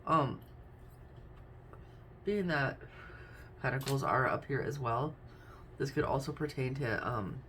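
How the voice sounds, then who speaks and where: A woman's voice: very deep voice, slow, pauses often, fairly bright tone, slight background noise. A woman doing a casual tarot reading, chatty and thinking aloud as she names each card. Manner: chatty, thinks aloud while naming cards. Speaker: tarot reader.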